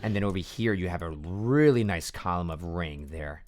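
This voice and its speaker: A man coaching a choir on singing, talking quietly at home at night and losing his voice a little. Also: deep voice, lively intonation, normal speed, very noisy. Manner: quiet, hushed speech to avoid waking kids. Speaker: vocal coach. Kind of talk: casual coaching talk over recordings.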